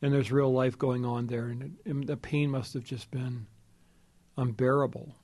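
A man hosting a conversation about faith, responding with measured, reflective comments. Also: medium pitch, level tone, a little mellow. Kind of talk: conversational interview.

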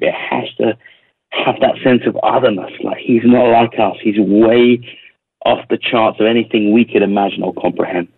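A man from England with a London accent, a worship leader speaking in a radio interview, reflective and pausing with ums and repeated words. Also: lowish voice, slightly rough, no echo, narrow, tinny audio. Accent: London English. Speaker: worship leader and recording artist.

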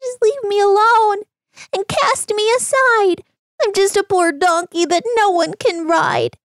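A woman voicing a sad little male donkey in a rhyming storybook read-aloud, with a high, pleading sing-song manner. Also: measured pace, fairly bright tone, dry recording, clean studio sound, heavily acted.

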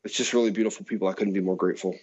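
A man's voice: deep voice, steady tone, rapid-fire, a little hiss or hum. Earnest middle-aged man, lo-fi sound. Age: 40s. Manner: earnest, reflective, with soft laughs. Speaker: pastor, guest. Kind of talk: conversational interview. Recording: dull lo-fi sound.

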